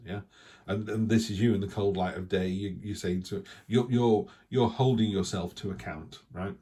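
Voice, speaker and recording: Guy doing a chatty tarot reading, bit low voiced, rambles and restarts a lot. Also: fairly even intonation, fairly quick, dark tone, slightly rough. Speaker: tarot reader. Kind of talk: casual weekly tarot reading.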